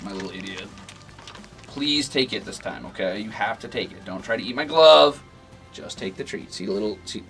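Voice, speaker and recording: A man's voice: medium pitch, a bit bright. A young man streaming, talking to and scolding his cats in a playful, teasing way. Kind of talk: casual chat with pets on stream. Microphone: desk mic.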